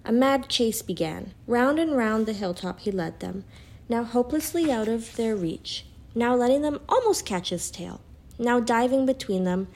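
A woman reading a children's storybook aloud in a calm, even narrating voice. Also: on the high side.

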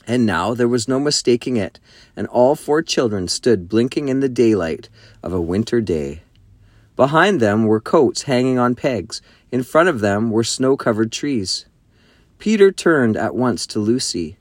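A man reading a children's novel aloud with expressive storytelling. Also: medium pitch, unhurried, no room sound. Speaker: narrator. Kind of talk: audiobook narration.

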